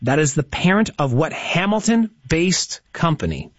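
A man's voice: a little high, big pitch swings, a little slow, no echo. A man hosting a radio call-in trivia quiz, chatty and encouraging with the callers. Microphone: studio broadcast mic. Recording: slightly dull, dry studio mic.

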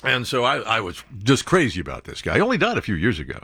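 A man's voice: fairly low pitch, huge pitch swings, fast talker, bright, forceful tone, breathy edge, no echo. A man, a talk radio host telling a rambling story full of fillers. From the Bronx, New York.

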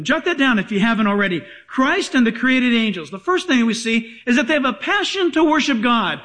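A man's voice: very high voice, fairly bright tone. A male pastor preaching a sermon to a congregation, emphatic and joking with the room.

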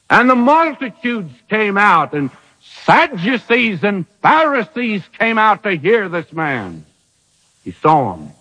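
A man delivering a sermon in a high voice that leaps up and down in pitch. He fires off rhetorical questions and lets dramatic pauses hang, and the sound carries a long hall reverb on an old radio recording. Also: pushed and bright. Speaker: preacher.

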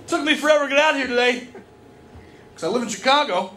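A male stand-up comedian ranting with loud exasperation, his voice pitched very high. The live club recording carries a lively crowd and steady background noise. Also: quick pace. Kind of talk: stand-up set.

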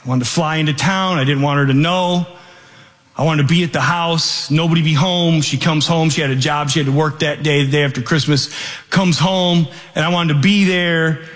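A man in his forties telling a personal story to an audience in a lively, animated way, acting out the people in it. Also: fairly high pitch, normal speed. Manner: lively, animated, acts out every voice. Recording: long hall reverb.

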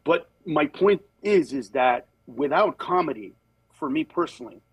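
A man, a comedian, talking casually in a conversational storytelling way, lively and quick to slip into impressions of other people, then earnest and steady on serious points. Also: on the high side, vocal fry, slightly rough, dry recording, low-quality recording. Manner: animated, jumps into acted voices of others. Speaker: comedian guest on a talk show.

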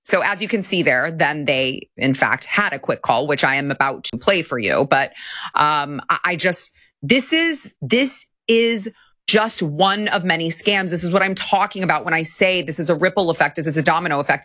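A woman hosting a commentary show, talking casually in an animated, incredulous way with quick repeats. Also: sits low, no room sound.

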